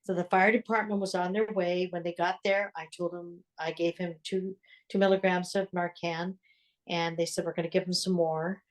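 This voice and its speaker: An older woman, a religious sister, telling her story in an interview in an earnest way, with reflective pauses. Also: fairly low pitch, flat delivery. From United States.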